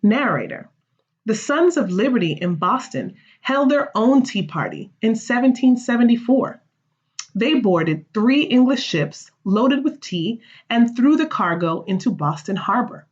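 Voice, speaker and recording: A woman teacher reading a play aloud for fourth graders, with expressive, animated delivery. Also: on the high side, unhurried, slightly rough, dull audio.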